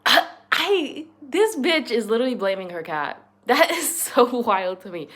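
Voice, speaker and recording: A woman's voice: medium pitch, animated, measured pace, a bit bright. A young woman hosting a reaction channel, giving blunt, sarcastic and profane casual commentary. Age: young adult.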